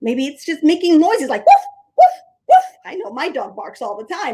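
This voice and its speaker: A young woman leading a creative drama warm-up for small children, animated and sing-song, with playful animal noises. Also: high-pitched, unhurried, low-quality recording.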